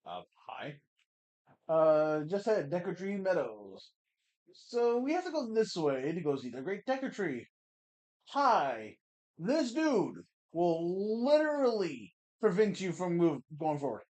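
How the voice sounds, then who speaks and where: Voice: medium pitch, huge pitch swings, slow, a little mellow. A let's-play gamer chatting casually through a playthrough, wry and swearing now and then. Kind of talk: casual game commentary.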